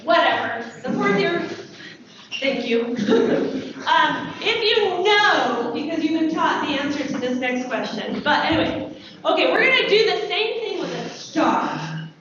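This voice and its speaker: An American woman teaching a planetarium class, chatty and lively, asking students questions. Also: high voice, a little slow, heavy reverb, distant mic, dull audio, noisy background. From United States. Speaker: astronomy teacher. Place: planetarium dome.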